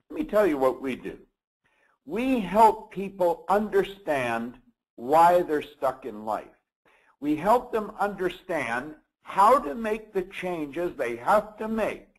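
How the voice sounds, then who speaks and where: A man hosting a motivational program, lecturing with deliberate, emphatic delivery. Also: fairly high pitch, poor audio. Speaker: motivational speaker and program host.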